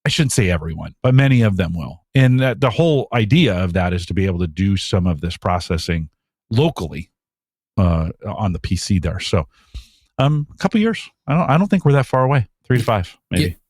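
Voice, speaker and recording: Lower-voiced man, rambling podcast chat. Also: lively intonation, fairly quick, darkish tone, no echo, clean studio sound. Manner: rambling, trails off mid-sentence.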